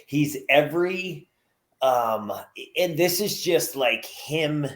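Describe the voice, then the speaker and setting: A man hosting a podcast, chatting casually, with frequent pauses and fillers. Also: a little high, animated, a bit bright. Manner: unhurried, halting with fillers. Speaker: podcast host. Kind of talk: casual chat.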